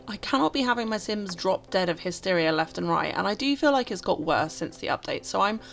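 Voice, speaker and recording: Woman with a gravelly, fry-tinged voice. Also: mid-range voice, background noise. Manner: expressive, exasperated, dramatic outbursts. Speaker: gameplay commentator. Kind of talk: casual let's-play commentary.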